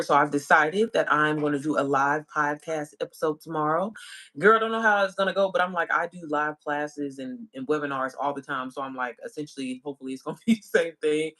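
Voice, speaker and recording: A woman's voice: low voice, a little fast, fairly bright tone. A woman chatting casually with viewers on a livestream as an online business coach, calling them y'all and girl.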